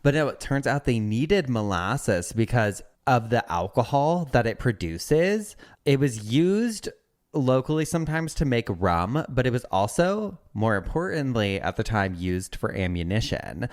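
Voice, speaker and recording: A man's voice: medium pitch, big pitch swings, a little slow. A man co-hosting a podcast, telling a history story in a campy, profane, chatty way. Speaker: podcast co-host. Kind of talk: casual chat.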